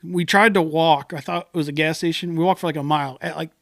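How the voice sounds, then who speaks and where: Here a young man on a podcast, one of its co-hosts, rattles off a wild story at a fast clip, his fairly high voice carrying vocal fry. He swears, stays animated, and performs the voices of people he quotes. The studio mic gives studio quality with no room sound.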